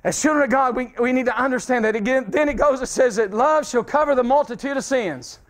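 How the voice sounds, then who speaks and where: Fervent high-voiced preacher. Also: male voice, fast talker. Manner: fervent, calls out to the congregation, repeats phrases. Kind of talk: revival sermon. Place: church sanctuary.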